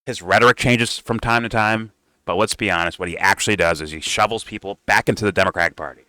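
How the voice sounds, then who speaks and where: A man's voice: fairly low pitch, fast talker, sharp tone, dry recording. A man hosting a casual reaction commentary, heated, sarcastic and profane. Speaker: political commentator.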